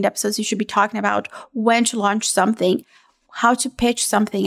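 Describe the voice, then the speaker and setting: A woman in her thirties hosting a casual solo podcast from home, talking in a gushing, upbeat sales pitch. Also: creaky. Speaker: podcast host.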